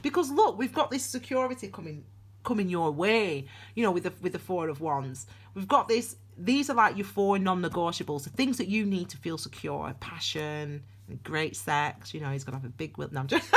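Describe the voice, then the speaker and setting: Young woman doing a tarot reading to camera, chatty and rambly, kinda low pitched. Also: animated, brisk. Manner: chatty, rambling, self-interrupting with frequent restarts. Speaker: tarot reader. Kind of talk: casual spoken tarot reading. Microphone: solo to camera.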